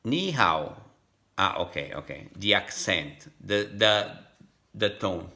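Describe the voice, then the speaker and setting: Italian man, vlogger, bright tense voice, halting self-practice. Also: deep voice, creaky. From Italy. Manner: halting, repeats syllables to drill tones. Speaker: language-learning vlogger. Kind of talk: thinking aloud while practicing.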